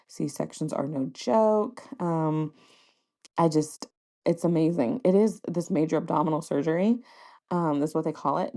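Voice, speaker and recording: A woman's voice: on the low side, dark tone. A young adult woman hosting a podcast, chatting casually and candidly to her listeners with frequent fillers and little laughs. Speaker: podcast host. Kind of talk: casual solo podcast chat.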